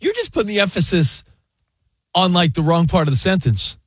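A man's voice: high voice, wildly swooping pitch, fairly quick, breathy edge, no room sound, clean studio sound. A man co-hosting a sports talk show, bantering in a hyper, joking way. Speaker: sports radio co-host.

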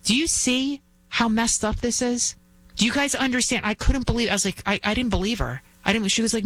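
A woman's voice: on the high side, a little fast, fairly bright tone. A woman filling in as host of a talk show, delivering a fervent opinion monologue full of repeated rhetorical questions. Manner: acts out quoted voices while retelling.

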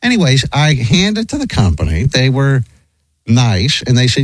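A man's voice: mid-range voice, huge pitch swings, moderate pace, no room sound. A middle-aged man casually telling a long, rambling story, with lots of restarts and acted quotes.

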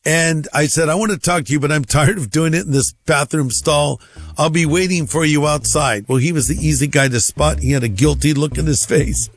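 Man, pastor, husky, slightly high voice, humorous storytelling, droll acted-out dialogue. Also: fairly quick. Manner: acts out the dialogue in a dry, droll way.

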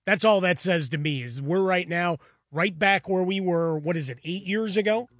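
High-voiced man, easygoing co-host. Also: normal speed, fairly bright tone, no echo. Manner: conversational, builds analogies. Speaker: sports talk co-host. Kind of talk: casual sports radio chat.

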